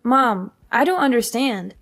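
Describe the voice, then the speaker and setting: A grieving young fiancée, voiced by a woman for an animated story. She speaks earnestly and pleadingly in a fairly high voice. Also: unhurried, full character voice.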